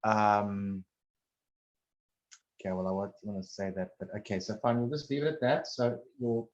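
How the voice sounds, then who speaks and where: A man talking casually one on one, rambling and halting, restarting his sentences and swearing bluntly now and then. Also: on the low side, fairly even intonation, highs cut off.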